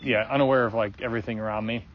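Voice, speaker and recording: A man's voice: on the low side, steady tone, rapid-fire. Rambling man telling a story, lo-fi sound. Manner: loose and rambling, many fillers and restarts, swears freely. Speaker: guest sharing a personal story. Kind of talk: casual conversational storytelling. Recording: dull lo-fi recording.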